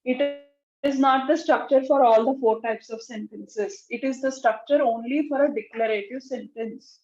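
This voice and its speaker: A high-pitched woman teaches grammar to a class, repeating key terms and acting out sample sentences. Her voice rings in an echoey room on a dull, muffled recording. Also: steady tone, moderate pace, a little mellow, faint music behind. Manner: explanatory, repeats key words, acts out example sentences. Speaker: English teacher.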